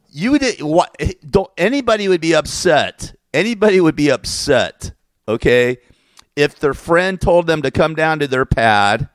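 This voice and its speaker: This man's voice sits on the high side, captured with studio quality and no room sound. He's a vlogger on a casual rant about something that happened to him, rambling and exasperated, swearing and backtracking to fix what he's said.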